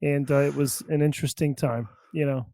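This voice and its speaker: A man co-hosting a podcast chats in an easygoing, teasing manner and halts now and then on fillers. His voice sits a little high, and the recording is dry and close, with no room echo. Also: steady tone, brisk, warm tone. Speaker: podcast co-host. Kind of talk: casual chat.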